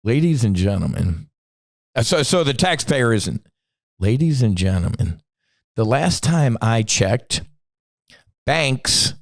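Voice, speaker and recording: Middle-aged man, podcast host, profane combative rant, mid-pitched voice, dry close sound. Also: dry recording. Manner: blunt, profane and combative, with sudden emphatic bursts.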